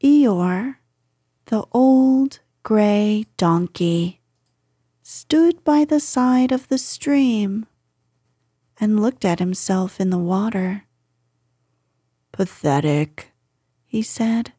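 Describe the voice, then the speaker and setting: A woman reading a children's storybook aloud with calm, unhurried narration. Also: mid-range voice, breathy edge, no echo, clean studio sound.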